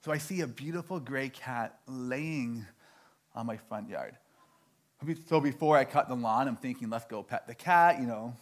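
A young man from Canada telling a stand-up story, animated and self-mocking, acting out his own dialogue. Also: mid-range voice, normal speed. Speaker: stand-up comedian.

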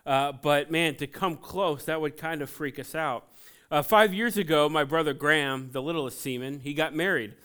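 A man in his forties from Ohio preaching a sermon in a church, conversational and joking, telling animated personal stories. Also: a little high, normal speed, clean tone. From Ohio, USA. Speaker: pastor. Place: church sanctuary.

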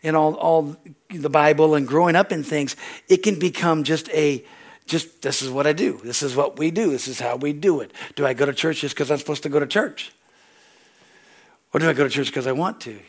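High-voiced pastor, lively storytelling sermon. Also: male voice, brisk. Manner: animated storytelling, acts out dialogue, laughs often.

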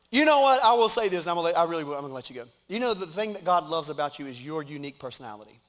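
A middle-aged pastor speaking from a church stage in a somewhat high voice. He talks to his congregation in a loose, conversational way, with plenty of jokes. His sermon style stays informal and personal. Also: sing-song, fast, fairly bright tone. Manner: conversational and joking. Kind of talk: sermon with announcements and prayer.

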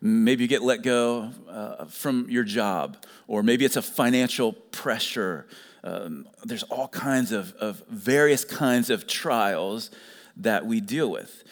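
A man with a somewhat low voice preaches earnestly, leaning hard on each key phrase and coming back to it again and again. His words ring out with a long reverb, as if he is speaking in a large hall. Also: lively intonation, slow. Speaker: pastor. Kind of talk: sermon.

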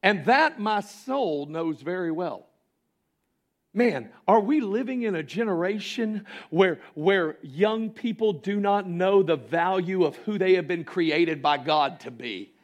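Impassioned high-voiced male preacher. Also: animated, slow. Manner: impassioned preaching, swinging from loud exclamations to hushed lines. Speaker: pastor. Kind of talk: sermon. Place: church sanctuary.

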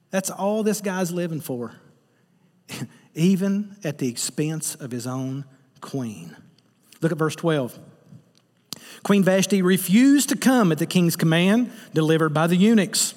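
A fairly high-voiced man preaches to a congregation. He tells the story in a lively, joking way. His voice carries a long reverb, as if he is in a large hall. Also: unhurried, long pauses. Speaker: pastor. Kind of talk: sermon.

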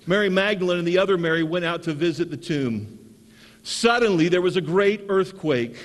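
A man's voice: high-pitched, in a large hall. A male pastor preaching an Easter sermon who calls the congregation to say amen and repeats his key phrases for emphasis. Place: church sanctuary.

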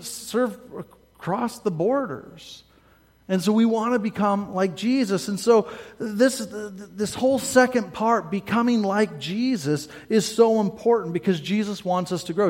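A man with a notably high voice preaches as a pastor, keeping it conversational and often checking in with a quick "right?". He slips into his listeners' voices to act out their doubts. His words ring out with the long reverb of a church hall. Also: a little mellow. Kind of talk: sermon.

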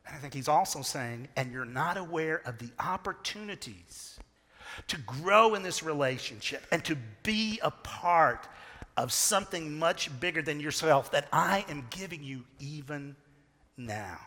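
A middle-aged man preaching a sermon, telling a story with big swings from loud to hushed. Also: a little high, expressive, a little slow. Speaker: pastor. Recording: long reverb of a large hall.

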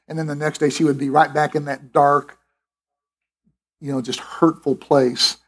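A man's voice: on the high side, little pitch movement, normal speed, breathy edge. A middle-aged man preaching a sermon in an emphatic, conversational way, with restarts and asides. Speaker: pastor.

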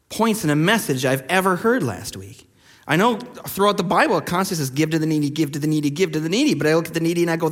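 A male pastor preaching a sermon in a relaxed, conversational way, telling stories with many fillers. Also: high-pitched, long reverb tail.

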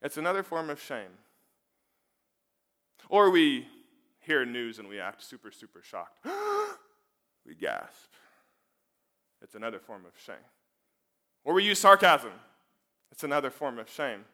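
Bright-voiced man preaching a sermon. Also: medium pitch, sing-song, moderate pace, long pauses. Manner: emphatic, rhetorical questions, drops to a hush then rises.

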